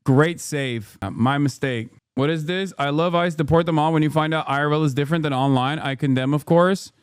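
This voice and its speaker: A man streaming casual reaction commentary, ranting in an animated, profane, rambling way into a close mic. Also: fairly high pitch, a little fast, clean tone, dry recording. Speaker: streamer host.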